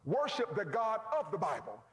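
High-voiced impassioned male preacher. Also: very animated, normal speed. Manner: impassioned preaching, swings from shouting to hushed low tones; calls out to the congregation, folksy phrasing. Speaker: pastor. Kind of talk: sermon.

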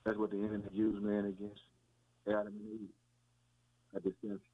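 Through tinny, phone-like radio audio, a man with a low-ish, monotone voice preaches a little fast. His sermon is informal and folksy, repetitive, and full of addresses like "man" and "boy."

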